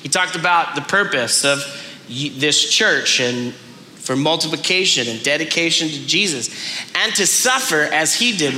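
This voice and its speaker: Male preacher, bright tone, earnest and self-deprecating, recorded in a reverberant hall. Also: a little high, a little hiss or hum. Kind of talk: sermon clip. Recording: roomy hall with faint ambience.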